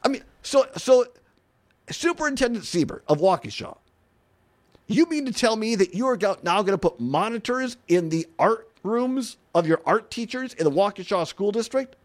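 Animated high-voiced talk radio host. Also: male voice, moderate pace. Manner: animated and incredulous, laughing, repeating "I mean".

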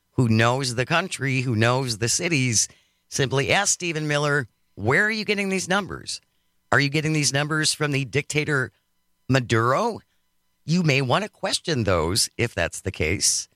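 A man's voice: mid-range voice, no room sound, studio quality. A man hosting a political talk radio show, chatting casually and sarcastically with his co-host and reading listener messages. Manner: sarcastic, lively delivery.

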